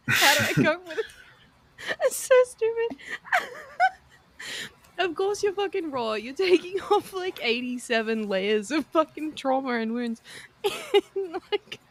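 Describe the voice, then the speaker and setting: A young woman with a fairly high voice, chatting casually as a podcast co-host. She teases and swears freely, and her sentences keep dissolving into giggles. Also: animated, takes it slowly. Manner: laughs constantly, swears freely, teasing. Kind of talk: casual chat.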